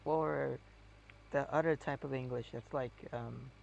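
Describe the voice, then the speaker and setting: A man's voice: medium pitch, fairly even intonation, a little slow, gravelly, highs cut off, a little hiss or hum. A man chatting casually while playing a game. He rambles and hesitates, with many fillers. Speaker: game streamer.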